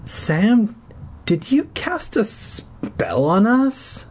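A man voicing a weak, weary young girl who speaks slowly and faintly. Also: high-pitched, very animated, a little mellow, slightly rough, pitched above the performer's own voice, exaggerated voice. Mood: weak, accusing. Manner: slow and feeble.

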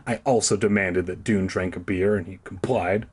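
Husky man reading a spooky kids' book aloud. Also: low-pitched, fairly even intonation, moderate pace. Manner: crude, sarcastic asides. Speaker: reader. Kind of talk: reading a children's horror book aloud with crude asides.

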